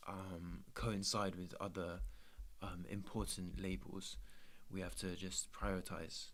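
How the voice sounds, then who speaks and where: A man's voice: low voice, flat delivery, slow pace, fairly bright tone. A young man chatting casually while trading, laid-back and slangy, swearing freely. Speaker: trader streaming his trading. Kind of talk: casual chat.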